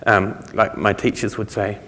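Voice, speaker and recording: A man's voice: fairly low pitch, little pitch movement, moderate pace, pushed and bright. New Zealand man talking in a reverberant hall. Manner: loose and conversational, self-correcting, chuckling. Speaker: conference speaker. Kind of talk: technical talk on speech recognition.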